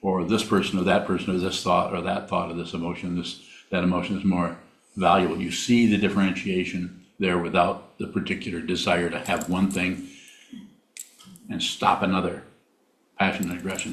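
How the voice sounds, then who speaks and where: A low-voiced man teaching meditation, plainspoken and halting, often repeating a word before going on. The recording carries a roomy, echoey hall sound. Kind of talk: dharma talk with questions.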